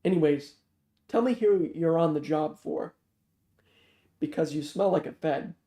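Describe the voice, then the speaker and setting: A man doing a gruff old Philly ex-cop guard. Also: a little high, unhurried, warm tone, natural voice. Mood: gruff teasing. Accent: Philadelphia. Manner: teasing, blunt, streetwise. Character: gruff seventy-year-old male ex-cop security guard. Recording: roomy echo.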